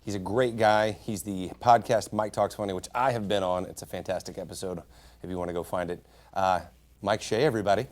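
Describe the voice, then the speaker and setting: A man's voice: low voice, fairly even intonation, brisk, a little hiss or hum. A man hosting a local community TV show, announcing guests in an upbeat way. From Ohio. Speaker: talk show host.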